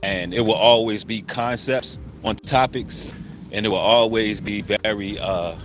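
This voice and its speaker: A man chatting casually in a played video clip, calmly explaining his plans. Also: fairly low pitch, a little slow, soft background music.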